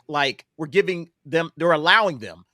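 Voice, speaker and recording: A man holds forth in a casual political panel discussion, pressing his points with emphasis and repeating himself. He keeps stumbling into fillers and restarts as he talks. His voice sits a touch high, and the sound is dry and close. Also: animated, moderate pace, bright, forceful tone, no room sound. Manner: emphatic, repetitive, with many fillers. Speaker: panel guest.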